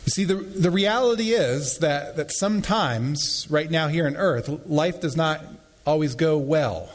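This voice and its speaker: A man preaching a sermon as pastor, animated and often restarting his phrases. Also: fairly high pitch, a little slow. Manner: animated, repeats words as he restarts. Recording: long reverb in a large hall.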